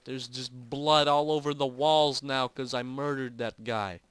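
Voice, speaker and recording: A young man doing let's play commentary from home, excitable, yelping and swearing as he plays. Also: mid-range voice, a little slow, clear, resonant tone, no echo. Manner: excitable, loud yelps and swearing. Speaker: gamer and video host. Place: home at night.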